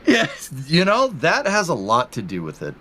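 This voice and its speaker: A man's voice: on the high side, wildly swooping pitch, normal speed, sharp tone, a little hiss or hum. A man with a Boston accent co-hosting a live stream in playful banter. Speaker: livestream co-host. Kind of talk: casual live commentary.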